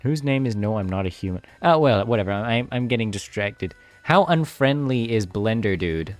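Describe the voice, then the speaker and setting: A man's voice: lowish voice, lively intonation, normal speed, soft background music. A young man live-streaming his game coding, chatting casually with viewers, easily distracted and laughing often.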